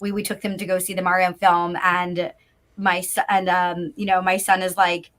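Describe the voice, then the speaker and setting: A woman voice actor chatting as a guest in a live interview, bubbly and talkative, with lots of fillers and quick laughs, heard over a video call. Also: fairly low pitch, flat delivery, fairly bright tone. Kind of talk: casual live interview chat.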